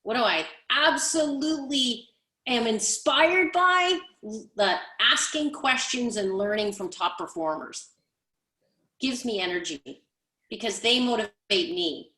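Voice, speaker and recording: A woman coach speaking on a conference panel in an energetic, emphatic way, building points through repetition. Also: a little high, slow, reverberant. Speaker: guest speaker, leadership coach.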